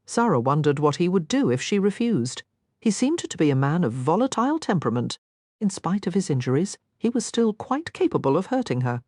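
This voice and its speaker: A woman narrating a romance audiobook with expressive reading, recorded dry and close. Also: on the low side, brisk, dry recording. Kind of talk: scripted narration.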